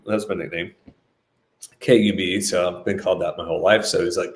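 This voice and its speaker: Low-voiced man, animated storyteller, roomy echo. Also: normal speed. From United States. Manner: animated, acts out quotes. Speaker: business leader telling a story. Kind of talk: storytelling talk.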